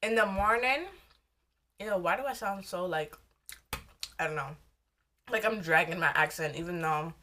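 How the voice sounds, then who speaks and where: A woman's voice: on the low side, moderate pace, pushed and bright, slight background noise. A young woman, chatting casually and rambling while she eats for a mukbang vlog. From United States. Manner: rambling, loose and candid, talking while eating. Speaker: vlogger.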